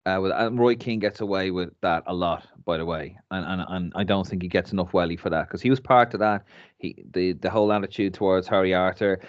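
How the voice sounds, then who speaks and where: A deep-voiced Irish man giving blunt, opinionated takes on a casual podcast and swearing freely. His voice is dry and close, with a slightly dull, muffled tone. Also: fairly quick, no echo. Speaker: podcast co-host.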